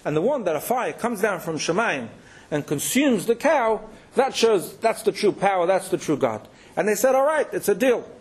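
A rabbi telling Torah stories, chanting Hebrew verses and then explaining them in English. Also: male voice, high voice, big pitch swings, normal speed, breathy edge. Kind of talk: storytelling Torah talk.

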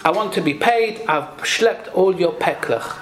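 A woman's voice: fairly low pitch, expressive, a little slow, soft background music, voice pushed down. A woman voicing an exhausted male porter who insists he carried the luggage. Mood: insistent. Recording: echoey room.

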